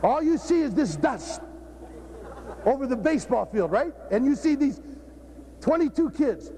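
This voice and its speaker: A man's voice: very high voice, big pitch swings, a little slow, background noise. A man who is a football coach, giving a joking, blunt, profane talk at a coaching clinic. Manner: blunt and profane, cracking jokes.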